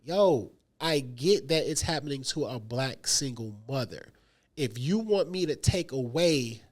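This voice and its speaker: A man co-hosting a casual movie review chat, talking emphatically and acting out little quotes. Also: fairly high pitch. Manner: animated, emphatic, lots of "yo" and acted-out quotes. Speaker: podcast co-host.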